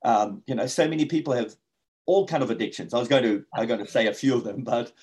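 A man hosts a faith talk show in a mid-pitched, ordinary voice. He sounds earnest and a little preachy, and he keeps asking for agreement with tag questions. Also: fast, a little mellow. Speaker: host.

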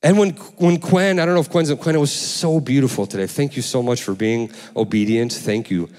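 A man preaching a sermon as pastor, in a loose, conversational way, often restarting words and jumping up in pitch while telling stories. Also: brisk, long reverb tail. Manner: lively storytelling with sudden pitch jumps. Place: church sanctuary.

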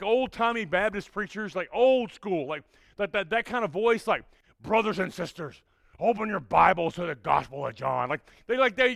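A man with a fairly high voice and a drawl tells a story to young listeners as their preacher. He talks with bouncing energy and keeps asking "all right?" as he goes. The sound is dry and close, with no room echo. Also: fairly bright tone. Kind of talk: storytelling talk to a youth group.

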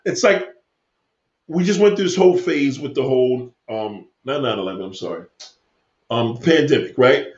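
A man's voice: medium pitch, lively intonation, moderate pace. A man ranting heatedly to viewers of his stream, swearing a lot as he rambles from one point to the next. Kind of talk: profane rant to stream viewers. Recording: echoey room, dull lo-fi sound.

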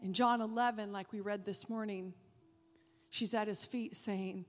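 A woman preacher delivering a sermon, emphatic, rising when animated and dropping soft to stress a point. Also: medium pitch, unhurried. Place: church sanctuary. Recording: reverberant hall with faint music.

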